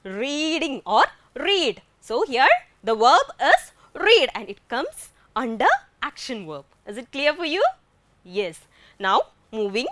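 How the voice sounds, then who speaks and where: A woman's voice: high voice, big pitch swings, slow pace, a bit bright, dry recording. A woman with an Indian English accent teaching a grammar lesson, asking questions and answering them herself.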